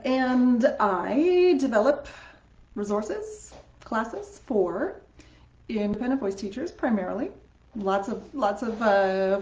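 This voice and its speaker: A chatty Canadian woman hosting a live stream as a voice teacher, upbeat and laughing easily. Her voice sits at a middling pitch and bounces around an echoey room. The sound is a little dull and muffled. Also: a little mellow. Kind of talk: casual live-stream chat.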